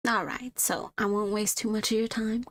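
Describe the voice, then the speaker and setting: A woman's voice: medium pitch, little pitch movement, normal speed, dry recording, studio quality, pitched above the performer's own voice, close to an everyday voice. A woman voicing a flirty hooved female flower shopkeeper with a slight put-on Southern twang who calls customers darling. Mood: welcoming. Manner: sweet-talking, calls people darling.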